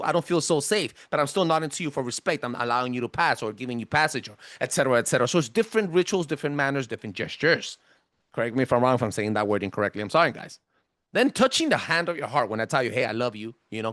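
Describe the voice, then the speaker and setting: A man with a self-described thick accent, hosting a podcast and giving a casual presentation in an emphatic, animated way. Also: dry recording, studio quality. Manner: animated, emphatic, swinging pitch. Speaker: podcast host.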